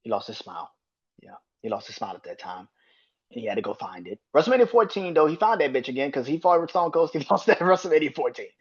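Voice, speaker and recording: A man talking on his own podcast in a casual, rambling monologue, swearing freely and breaking into laughter. His voice sits in a middle range and turns loud and high when he gets worked up. The recording sounds a little dull and lo-fi. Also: sing-song, fast, slightly rough. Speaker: podcast host.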